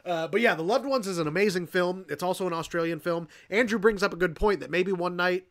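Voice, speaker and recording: A young male host on a casual livestream, talking in a loose, rambling way with plenty of swearing. His voice sits a little high for a man. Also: quick pace, fairly bright tone. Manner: rambling, profane, laughs often. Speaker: podcast host.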